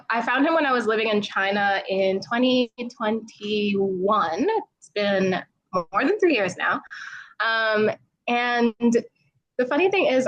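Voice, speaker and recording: With a medium-pitched voice captured on poor audio, this New York travel creator appears as a podcast guest. She retells a story casually and animatedly, quoting people's voices and laughing often.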